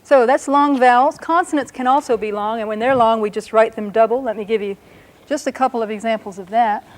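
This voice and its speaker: A woman teaching a language lesson, explaining patiently and sounding out words slowly and carefully. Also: a little high.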